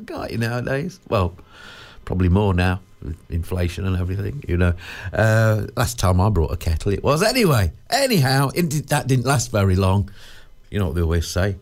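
Rambling, jokey radio host. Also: male voice, fairly low pitch, very animated, brisk. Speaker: radio presenter. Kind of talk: chatty radio patter. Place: radio studio.

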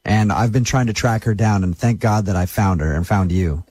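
Man, radio prank host, mock-serious urgent delivery, slightly low voice. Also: normal speed, dark tone, breathy edge, dry recording. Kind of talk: phone prank call.

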